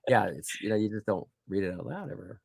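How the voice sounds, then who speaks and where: Low-voiced man telling animated anecdotes. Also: fast, gravelly, husky, dry recording, clean studio sound. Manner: animated anecdotes with voiced quotes and frequent fillers. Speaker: guest author. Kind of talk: casual storytelling interview.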